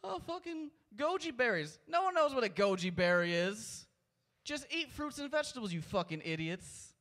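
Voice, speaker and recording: A man's voice: very high voice, sing-song, moderate pace, a bit bright. A man doing stand-up at an open mic, with a profane, exasperated rant into a handheld mic. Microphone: handheld stage mic.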